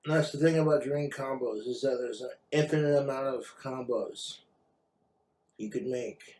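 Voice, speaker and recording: A man's voice: medium pitch, measured pace, darkish tone. Tipsy male vlogger, rambling profane rant, mid-range voice. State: drinking, tipsy.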